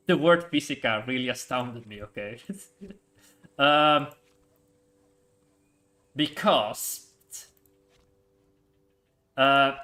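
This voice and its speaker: A man streaming a city-building game in casual chat, rambling with lots of fillers and quick laughs. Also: medium pitch, bright, forceful tone. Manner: rambling, hesitant, full of fillers and frequent laughs. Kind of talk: casual live-stream chat while playing.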